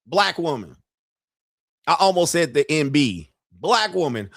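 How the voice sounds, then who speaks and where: A man's voice: a little high, lively intonation, takes it slowly, long pauses, a bit bright, dry recording, studio quality. A man hosting a casual live stream, ranting with profanity and jokes and acting out the voices of the people he quotes. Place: home studio.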